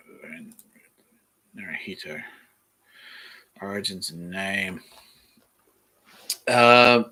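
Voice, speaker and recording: A man hosts a podcast from home, reading from a screen and breaking off into joking asides. His voice is low and husky with a tense, forceful edge. His words often sink into mumbles. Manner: offhand, joking, trails off into mumbles. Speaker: podcast host. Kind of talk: rambling casual commentary while reading aloud.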